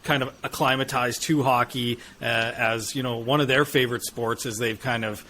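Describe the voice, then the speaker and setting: A man's voice: medium pitch, steady tone, moderate pace, bright, forceful tone, a little hiss or hum. A man from northern Canada hosting a podcast, talking in a rambling, friendly way with many fillers. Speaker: podcast host. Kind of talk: casual interview chat.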